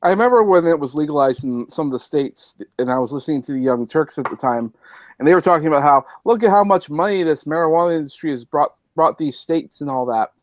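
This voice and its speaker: Halting Canadian man, dry sound. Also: a little high, animated, no echo. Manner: halting, repeats words. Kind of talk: casual group chat. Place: Alberta.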